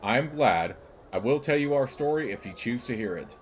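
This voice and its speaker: A man voicing an old, bitter female servile rebel leader, speaking slowly in halting, broken phrases. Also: mid-range voice, animated, a little hiss or hum, lightly acted. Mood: grim.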